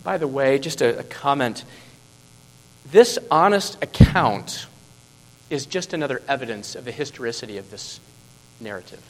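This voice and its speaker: Emphatic preacher in a reverberant hall. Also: male voice, medium pitch, expressive, fairly quick. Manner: emphatic, rhetorical questions, swings from hushed to loud. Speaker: pastor. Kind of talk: sermon.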